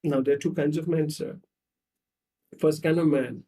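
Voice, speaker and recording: A psychologist talks in an animated, storytelling way, slipping into the voices of the people he describes. His voice is fairly high for a man but mellow in tone. He sits back from the microphone, so he sounds a little distant. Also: normal speed. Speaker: psychologist guest.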